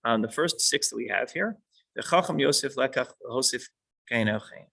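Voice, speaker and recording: A man's voice: medium pitch, lively intonation, moderate pace, gravelly, sharp tone, husky, poor audio. A man teaching a small class who reads a line of text and then patiently unpacks it.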